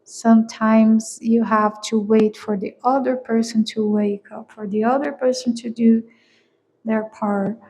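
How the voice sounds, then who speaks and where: Woman non-native English speaker, tarot reader, slow, fairly high voice, laughs often. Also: level tone, a little mellow, rough recording. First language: not English. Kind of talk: collective tarot reading.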